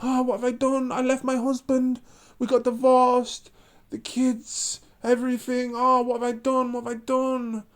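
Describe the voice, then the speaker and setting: A woman's voice: high-pitched, completely flat delivery, a little slow, voice pushed up. A man voicing a self-pitying divorced woman who regrets leaving her husband, wailing her lines. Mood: despairing.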